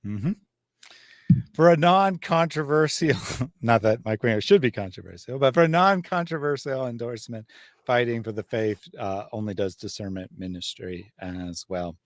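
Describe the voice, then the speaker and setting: A man's voice: medium pitch, moderate pace, no echo. A male livestream host reading viewer super chats aloud. His delivery is casual and sardonic, recorded close and dry with no room sound. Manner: wry, sardonic asides. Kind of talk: casual live chat.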